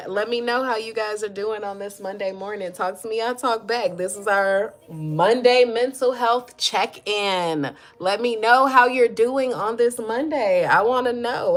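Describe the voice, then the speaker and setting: A woman's voice: medium pitch, a little slow. Woman doing a mental health livestream, chatty, reads comments out, talks straight to viewers. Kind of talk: casual motivational livestream talk.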